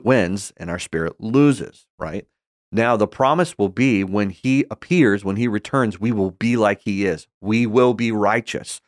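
A man's voice: fairly low pitch, dry recording, studio quality. A man giving an earnest, conversational Bible teaching that grows more emphatic and impassioned. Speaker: Christian teacher.

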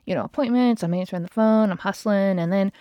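A woman's voice: mid-range voice, fast talker, mellow, no echo. A woman in her thirties hosting her own podcast, telling a story in a chatty, exasperated way and swearing freely. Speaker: podcast host. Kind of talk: casual storytelling monologue. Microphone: podcast mic.

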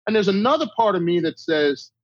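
A middle-aged male guest speaker gives blunt, emphatic tough-love advice in a conversational interview, acting out quoted exchanges. His voice is high-pitched with big pitch swings and a fairly quick pace. The recording is dull, lo-fi, and dry, with no echo.

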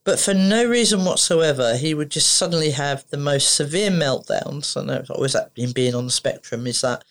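A woman's voice: sits low, moderate pace. A woman, an emotional therapist, speaking as a podcast guest and telling stories in a conversational way, often acting out what people said. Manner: animated anecdotes, acts out dialogue. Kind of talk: conversational storytelling.

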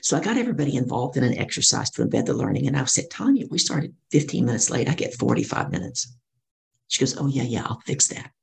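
Gravelly middle-aged woman, coach telling stories in an interview, does all the voices. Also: very deep voice, fast talker. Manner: animated storyteller acting out quoted voices. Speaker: guest speaker and coach. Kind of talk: storytelling interview.

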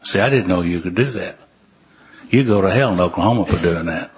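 A man's voice: low voice, brisk, heavy background noise. An older man, telling stories from his recovery in a folksy way, with dry humor, and reading passages from the book aloud. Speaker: recovery speaker.

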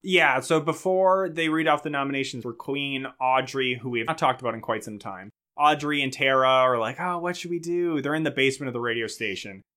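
A man's voice: mid-range voice, brisk, few pauses, bright, forceful tone. A man co-hosting a podcast, recapping a movie in casual, sarcastic chat and acting out the characters' lines. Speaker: podcast co-host.

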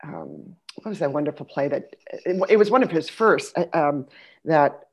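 A middle-aged woman in casual conversation, an animated storyteller who laughs and restarts her sentences. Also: sits low, moderate pace, breathy edge. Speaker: guest.

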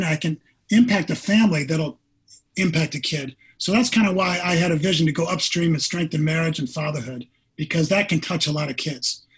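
A man's voice: a little high, breathy edge. A middle-aged man, a former pro football player, telling an earnest personal story in an interview.

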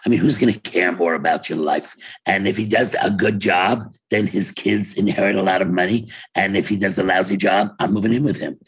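An older man speaking casually in an interview over a video call from his home office, telling wry stories and laughing often, with a very husky voice. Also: low voice, a little fast, few pauses, poor audio. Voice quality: very husky, gravelly voice. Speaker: interview guest, playwright.

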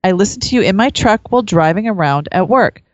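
A woman's voice: mid-range voice, animated, fast talker, dry recording, lo-fi sound. A woman co-hosting a casual podcast, reading listener reviews aloud. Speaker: podcast co-host.

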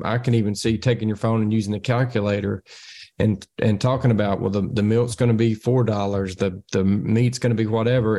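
A man's voice: on the low side, steady tone, moderate pace, dark tone. A man speaking as a panelist in a round table discussion, explaining ideas with everyday examples.

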